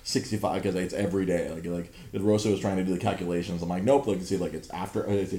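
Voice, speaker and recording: A man's voice: low voice, fairly even intonation, quick pace, mellow. A man in his thirties hosting a podcast, telling an exasperated, profanity-laced story in casual chat. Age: 30s. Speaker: podcast host. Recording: roomy echo.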